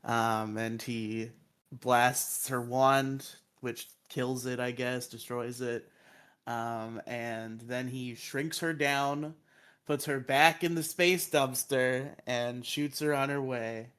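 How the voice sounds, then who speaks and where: A man's voice: medium pitch, fairly even intonation, slow pace, a bit bright, clean tone. A man co-hosting a podcast, recapping episodes casually, laughing often and acting out quotes in silly voices.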